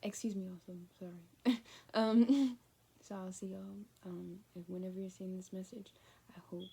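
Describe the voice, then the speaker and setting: Mellow-voiced woman giving a spiritual reading. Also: medium pitch, steady tone, normal speed, vocal fry, slight background noise. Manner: rambling and conversational, often dropping to a near-whisper. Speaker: spiritual card reader. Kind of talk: casual spoken reading to viewers.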